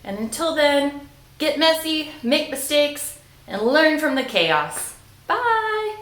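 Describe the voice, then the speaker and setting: A woman's voice: high voice, animated, slow, echoey room, background noise. A young woman hosting a casual cooking demonstration, chatty and playful, joking at her own expense. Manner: chatty and playful, laughs at herself. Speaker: cooking video host.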